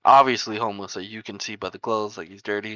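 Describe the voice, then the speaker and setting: A man's voice: lowish voice, steady tone, quick pace, sharp tone, clean tone, dry recording, low-quality recording. A young man from New York co-hosting a podcast, telling rambling, laughing anecdotes full of "like" and "bro". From New York area. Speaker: podcast co-host. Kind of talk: casual storytelling chat.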